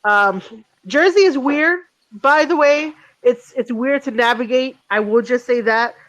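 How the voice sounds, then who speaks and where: A woman's voice: high-pitched, measured pace, a bit bright, poor audio. Rambling, swearing woman podcast host. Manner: rambling, swears freely, frequent ums and restarts. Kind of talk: casual chat.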